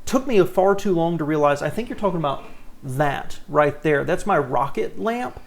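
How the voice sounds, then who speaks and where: A man with a fairly high voice and a gravelly edge hosts his car vlog from a home studio. He talks to the camera in an animated, sincere, casual way. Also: normal speed. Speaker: car channel host. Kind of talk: casual talking-head vlog.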